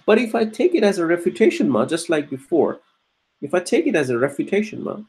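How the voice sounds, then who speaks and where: A man teaching Quranic Arabic grammar, explaining step by step with frequent restarts and throat-clearing, and chanting verses between explanations. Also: high voice, sing-song, fast talker, a little mellow. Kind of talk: grammar lesson.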